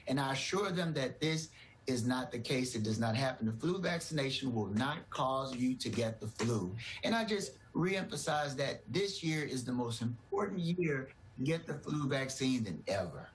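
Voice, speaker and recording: A man's voice: medium pitch, expressive, normal speed, poor audio. A man, a doctor, giving earnest, reassuring explanations in a TV news interview.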